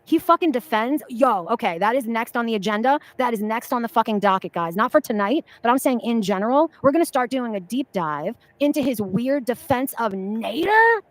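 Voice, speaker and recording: A woman's voice: on the high side, animated, a little fast, few pauses, no room sound, low-quality recording. A woman streamer chatting casually and bluntly, swearing and joking with her chat.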